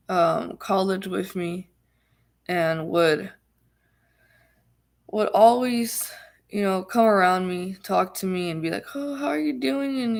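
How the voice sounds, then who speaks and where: A woman's voice: mid-range voice, vocal fry. A woman vlogger telling a personal story in a rambling, casual way, full of fillers and emphatic repeats.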